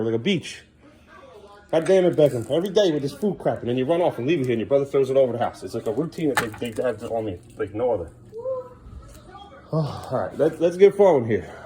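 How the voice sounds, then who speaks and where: A man's voice: mid-range voice, warm tone. A man filming a casual home vlog, coaxing his kids along and talking to the camera. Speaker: parent vlogger. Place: family home kitchen.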